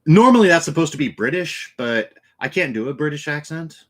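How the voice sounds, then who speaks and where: A man's voice: fairly high pitch, big pitch swings, a little fast. A man hosting a livestream in casual chat, loose and talkative with frequent restarts. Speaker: livestream host.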